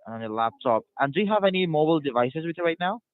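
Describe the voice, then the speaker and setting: A man working as a call-center agent, repeating scripted, halting patter. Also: a little high, lively intonation, no room sound. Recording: tinny phone line.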